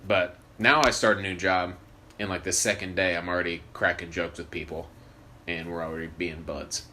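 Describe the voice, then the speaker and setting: Young male podcast co-host, low-pitched, bright, laid-back joker, faint noise behind. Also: little pitch movement, moderate pace. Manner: joking, laid-back, swears often. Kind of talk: casual chat.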